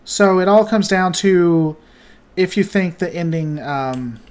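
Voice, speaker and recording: A high-pitched man talks loosely as he hosts a game stream. He reads out viewer comments and jokes around as he plays. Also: slow, a little mellow, clear, resonant tone. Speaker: livestream host. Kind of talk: casual chat while gaming.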